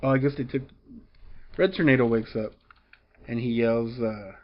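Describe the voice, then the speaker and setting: A man's voice: mid-range voice, moderate pace, dull audio. A man casually recapping a comic book story, rambling along with lots of fillers and restarts.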